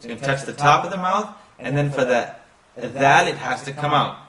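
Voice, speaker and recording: A man's voice: medium pitch, sharp tone, echoey room, distant mic. A man teaching pronunciation of a recited text, drawing out each syllable and chanting phrases as he demonstrates. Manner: slow drawn-out demonstration of sounds, chanting recitation. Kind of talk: pronunciation lesson.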